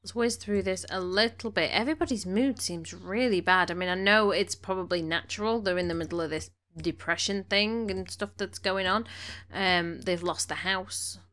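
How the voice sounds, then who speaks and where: A woman's voice: medium pitch, moderate pace, few pauses, a bit bright. A woman giving casual gameplay commentary, chatting along and bossing her game characters around, a little snuffly from allergies. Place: home room.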